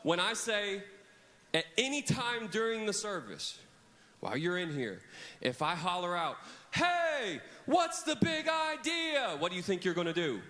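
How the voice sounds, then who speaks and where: A man's voice: high voice, animated, normal speed, bright, forceful tone, slight background noise. A man preaching a children's camp sermon in a church hall, leading kids in call-and-response on a handheld mic. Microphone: handheld microphone.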